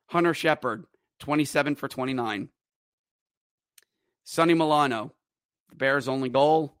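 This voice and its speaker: Excitable hockey fan podcaster, bright voice. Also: male voice, medium pitch, dry recording, studio quality. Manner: excitable, shouts and groans while calling plays, then bitter and sarcastic. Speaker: podcast host recapping hockey games. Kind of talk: fan podcast recap with play-by-play.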